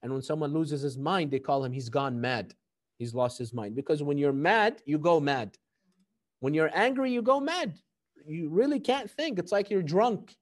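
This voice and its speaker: A man teaching a seminary ethics class, telling stories with animated delivery and quoting sayings before translating them. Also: fairly high pitch, moderate pace. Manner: animated storytelling, quotes Arabic hadith then translates. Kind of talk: recorded class lecture.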